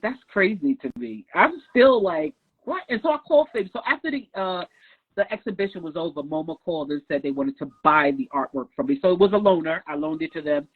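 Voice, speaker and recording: Husky-voiced woman telling a lively story. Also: deep voice, fairly quick, phone-quality sound. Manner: animated, acts out quoted dialogue. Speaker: guest nail artist. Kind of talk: storytelling in a podcast interview.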